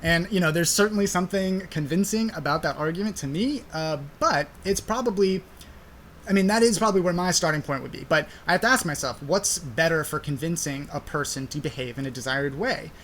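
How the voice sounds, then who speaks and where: A man's voice: fairly high pitch, fairly quick, a bit bright, a little hiss or hum. A young man hosting a podcast, explaining a study in a casual, conversational way with frequent fillers. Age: young adult. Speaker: podcast host.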